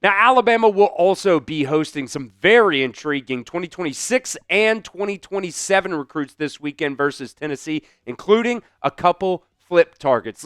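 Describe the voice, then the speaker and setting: Guy hosting a sports show, kinda high voice, smooth, super dry close mic, hyped talking to viewers. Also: no echo. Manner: energetic, addresses viewers directly. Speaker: sports recruiting show host. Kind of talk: casual sports talk show.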